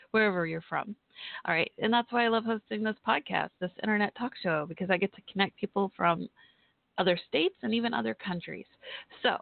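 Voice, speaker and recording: A woman's voice: lowish voice, gravelly, dry recording. A chatty, friendly woman from Texas with a Southern accent, hosting a casual call-in talk show and laughing often. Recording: tinny phone-line sound.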